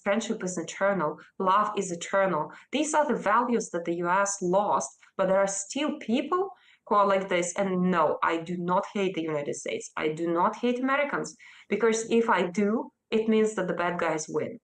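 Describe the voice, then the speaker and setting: A Russian-accented woman in her thirties answers a news interviewer's questions. She speaks emphatically and earnestly, and her voice often leaps higher as she makes a point. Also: animated, normal speed, rough recording. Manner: emphatic and earnest, with sudden rises in pitch. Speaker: interview guest.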